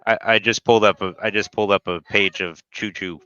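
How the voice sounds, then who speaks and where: A man on an online call from home, chatting casually and gently talking to his young child beside him. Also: fairly low pitch, steady tone, fairly quick, smooth. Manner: easygoing, softly coaxing his small child. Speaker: guest on the chat, a father. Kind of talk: casual chat. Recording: dull, dry lo-fi call audio.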